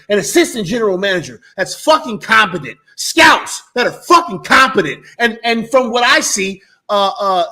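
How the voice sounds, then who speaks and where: A man's voice: sits high, pushed and bright. A man co-hosting a sports talk show, arguing his predictions emphatically, repeating words and swearing freely. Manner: emphatic, profane, repeats himself. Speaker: sports podcast co-host. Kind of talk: heated casual sports debate.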